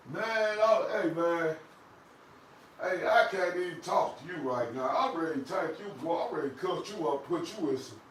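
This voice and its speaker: Animated man scolding his dog. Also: a little high, heavy reverb, recorded from a distance, a little hiss or hum, poor audio. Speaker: dog owner vlogging. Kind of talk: casual vlog talk to camera and dogs.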